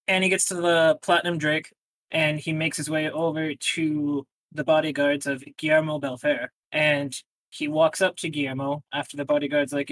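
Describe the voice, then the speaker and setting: A man casually recapping a tabletop game session, rambling and slipping into quick quoted lines. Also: fairly high pitch, little pitch movement, fairly bright tone, dry recording, poor audio.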